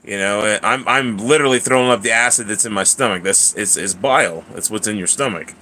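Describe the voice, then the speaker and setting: A man's voice: on the low side, a little fast, bright, forceful tone, a little hiss or hum. A man in his thirties hosting a casual livestream, rambling and chatty as he answers viewers by name. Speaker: livestream host.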